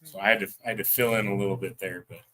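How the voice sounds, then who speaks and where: A man from the United States hosting a casual livestream chat, excitable and rambling, swearing freely and using lots of fillers. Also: on the low side, rapid-fire. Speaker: host.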